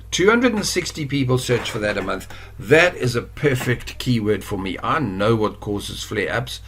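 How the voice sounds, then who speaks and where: A South African man walks through an online course lesson in a relaxed, chatty way. His voice sits a little low. He wanders off on asides and corrects himself mid-sentence. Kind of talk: casual screen-share tutorial.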